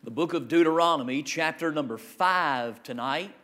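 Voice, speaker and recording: A male pastor preaching an emphatic sermon, slowing down to read scripture. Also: fairly high pitch, fairly bright tone.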